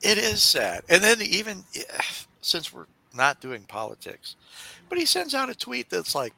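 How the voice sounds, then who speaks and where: A man's voice: high voice, wildly swooping pitch, normal speed, vocal fry, bright, forceful tone, low-quality recording. A middle-aged man co-hosting a podcast, chatting casually and joking, laughing often and sliding into mock impressions. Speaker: podcast co-host. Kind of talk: casual chat.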